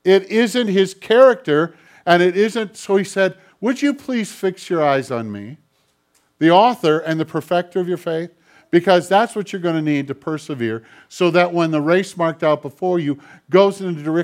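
Expressive male pastor preaching a sermon. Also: a little high. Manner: expressive delivery, swinging from loud emphasis to quiet prayer; acts out quoted voices in the middle of teaching.

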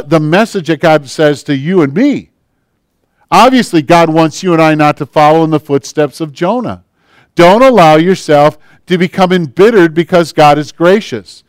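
A male pastor delivers a sermon in a conversational way, often asking his listeners questions. His voice is a little higher than most men's and clear and smooth. It is recorded close up with no room echo. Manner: conversational preaching, acting out quoted prayers and asking the congregation questions.

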